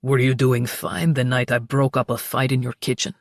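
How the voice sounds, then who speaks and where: A woman voicing an older male mob boss, speaking low, steady and controlled. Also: normal speed, no room sound, studio quality. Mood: pointed. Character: deep-voiced older male mob boss, calm, protective.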